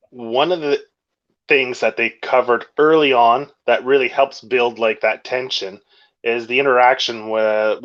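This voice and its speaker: A man co-hosting a podcast, talking about a comic in a casual, animated way and swearing freely. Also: medium pitch, muffled recording. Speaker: podcast co-host. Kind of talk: casual chat reviewing comics.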